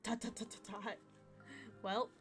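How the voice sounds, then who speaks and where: Bright-voiced streamer woman. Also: mid-range voice, unhurried, soft background music. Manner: emotional, animated reactions. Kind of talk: casual game commentary.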